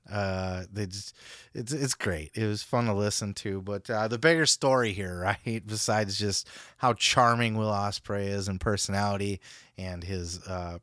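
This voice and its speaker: Male podcast host, mid pitch, dry mic, excitable and profane. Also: no room sound. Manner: excitable, profane, laughs often. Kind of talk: casual chat.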